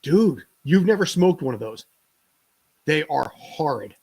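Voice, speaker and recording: Husky man joking through a watch party. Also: on the high side, very animated, unhurried, darkish tone. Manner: joking, laughing asides. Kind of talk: casual watch-party chat.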